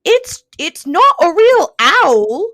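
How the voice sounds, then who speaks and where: A woman voicing a flustered, posh cat lady who scolds loudly in a shrill, high voice. Her words come out slow and drawn out, and the close sound is dry. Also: sing-song, no echo, heavily acted. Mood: scolding, flustered.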